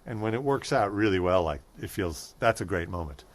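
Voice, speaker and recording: A man's voice: sits low, lively intonation, a little fast. A man being interviewed as a stand-up comedian, talking in a thoughtful way with restarts and dry humor. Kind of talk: casual interview chat.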